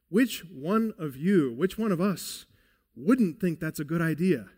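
Slow, earnest preaching man. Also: a little high, lively intonation, warm tone, breathy edge. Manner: earnest, emphatic preaching with pauses. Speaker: pastor. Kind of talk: sermon.

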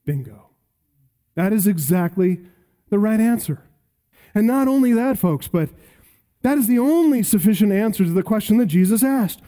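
A man with a high but dark, mellow voice preaching an expository sermon. He is emphatic, slows down to stress key phrases, and builds to short punchy lines. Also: animated. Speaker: pastor.

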